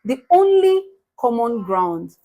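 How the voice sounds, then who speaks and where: Lively woman recapping with laughs. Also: fairly high pitch, slow pace. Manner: animated, laughs often, acts out quotes in a raised voice. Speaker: podcast co-host. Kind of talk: casual recap chat.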